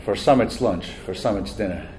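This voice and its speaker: A man's voice: fairly low pitch, normal speed, darkish tone. Chatty man emceeing a banquet. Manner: self-deprecating, chatty, laughs at own jokes. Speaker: master of ceremonies. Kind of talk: telling jokes at a banquet. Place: banquet hall.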